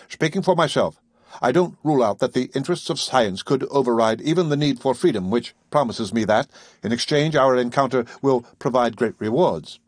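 A man's voice: mid-range voice, dry recording, clean studio sound, close to an everyday voice. A man voicing an earnest male professor held captive aboard a ship, speaking politely and formally in an audiobook reading.

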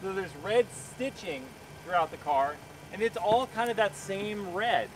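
A man's voice: high voice, unhurried, recorded from a distance, a little hiss or hum, low-quality recording. Chatty opinionated man, outdoors. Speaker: car reviewer hosting a live Q&A. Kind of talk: casual live-stream chat. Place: outdoors beside a car. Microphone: phone camera.

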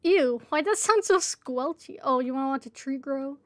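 High voiced woman streaming a game, slow easy chatter, playful begging, dry close sound. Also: no room sound. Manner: chatty, playfully pleading with other players. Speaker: livestreamer. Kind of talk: casual gameplay livestream chat.

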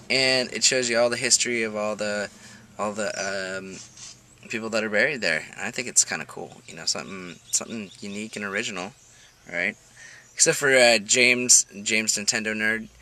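Male vlogger, casual to-camera chat, bright, rambles with fillers. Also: lowish voice.

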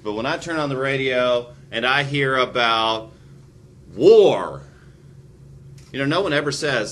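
A male history teacher giving an animated lecture with joking, sarcastic asides. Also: medium pitch, measured pace, pauses often, a little hiss or hum. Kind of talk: classroom lecture.

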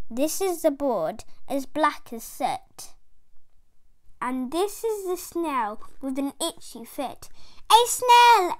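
A woman reading a rhyming bedtime story aloud, with a lilting, rhythmic delivery. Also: sits high. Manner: rhythmic rhyming read-aloud, lively character voices.

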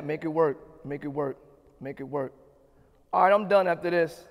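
High-voiced pastor preaching in a reverberant hall. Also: male voice, moderate pace, vocal fry. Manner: preaches with rising shouted emphasis and repeated refrains. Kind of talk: sermon. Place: church sanctuary.

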